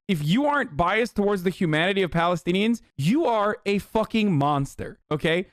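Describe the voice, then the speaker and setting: A man commenting angrily on a clip he plays, swearing often and sometimes shouting in disbelief. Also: sits high, no room sound, clean studio sound. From American South. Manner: profane, angry, incredulous, sudden shouts. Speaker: streamer reacting to a clip. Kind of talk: heated reaction commentary.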